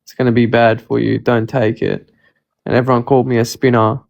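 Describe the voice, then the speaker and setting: A man talking as a guest in a casual chat, relaxed and loose, linking thoughts with "like". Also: mid-range voice, a little fast, creaky, dull audio.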